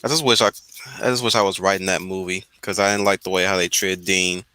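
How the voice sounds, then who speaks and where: A man's voice: deep voice, steady tone, fast talker, bright, forceful tone, smooth, dry recording, rough recording. A man from Wisconsin chatting casually, rambling through his opinions with many restarts. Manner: rambling, restarts often while musing. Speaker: podcast host. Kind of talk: casual group chat.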